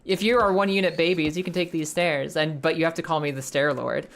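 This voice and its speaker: A woman's voice: low voice, fairly even intonation, fairly quick. Woman doing a smug stair-building man. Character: smug male stair-builder offering an easy way.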